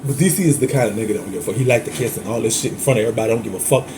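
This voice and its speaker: A man's voice: mid-range voice, rapid-fire, background noise. A man with a New Orleans accent telling a candid storytime monologue, flamboyant and chatty, laughing often and calling his listeners "girl". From Louisiana. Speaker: host.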